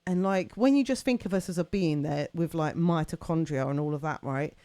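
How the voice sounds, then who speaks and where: A woman's voice: deep voice, brisk, mellow, dry recording. A woman hosting a live stream, chatting casually and rambling with lots of fillers and laughter. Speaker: livestream host.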